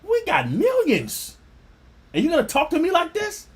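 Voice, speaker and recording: Mocking bit: man doing a high, whiny, entitled rich young guy, voice swinging wide. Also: wildly swooping pitch, normal speed, exaggerated voice. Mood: indignant. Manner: mocking exaggerated whine.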